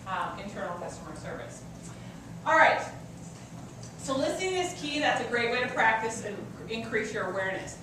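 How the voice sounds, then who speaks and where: A loud crowd can be heard as a woman customer service coach, her voice fairly high and expressive at a moderate pace, presents a workshop to an audience in a meeting room. She teaches conversationally, telling personal stories. The recording is echoey, taken from far off, with faint ambience.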